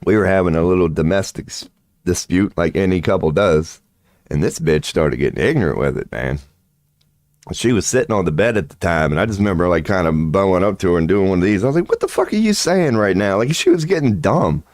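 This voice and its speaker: A man's voice: low voice, expressive, a little fast, a little mellow, dry recording, clean studio sound. A man hosting his channel in a casual, rambling monologue, crude and swaggering, swearing freely and often laughing mid-sentence. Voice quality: crude, swaggering, profanity-laced talk. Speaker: channel host.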